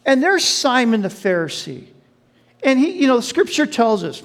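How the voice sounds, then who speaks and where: High-voiced man preaching a sermon. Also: normal speed. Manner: animated storytelling, acting out quoted voices; addresses the congregation directly. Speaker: pastor.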